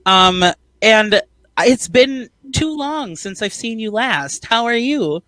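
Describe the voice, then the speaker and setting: Slow-talking man with a bright voice. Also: sits high, expressive, no echo, low-quality recording. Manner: effusive, praising, laughs often. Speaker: interviewer. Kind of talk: casual interview chat.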